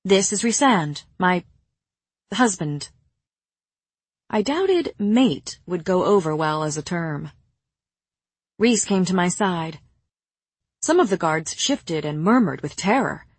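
A woman narrating an audiobook in a measured, even storytelling manner. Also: on the low side, breathy edge, no echo.

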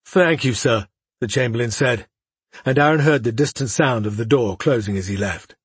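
A man reads a fantasy novel aloud in measured, even narration. His voice is husky and breathy, and the recording is very dry and close to the mic, with no room sound. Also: medium pitch, no echo. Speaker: audiobook narrator. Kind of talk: scripted narration.

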